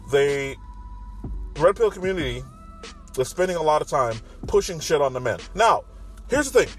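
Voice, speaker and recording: A man talking in a casual, profane, rambling monologue from his car, parked in a parking garage. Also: a little high. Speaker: commentary vlogger. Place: parking garage with construction nearby.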